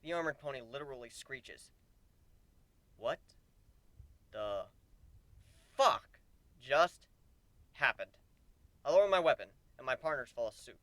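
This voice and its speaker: Animated young-sounding male storyteller. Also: medium pitch, measured pace, pauses often, dry recording. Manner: animated, swings from deadpan to yelling. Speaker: narrator. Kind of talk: dramatic reading of a story.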